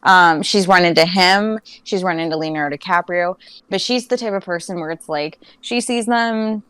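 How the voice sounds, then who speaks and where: A young woman with a Canadian accent talks loosely on a podcast, her voice pitched low and recorded dry and close. She rambles through her stories with plenty of fillers and quick laughs. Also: fairly bright tone, clear, resonant tone, no room sound. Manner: rambling, lots of "like" and "um", laughs often. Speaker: podcast co-host. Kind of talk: casual chat.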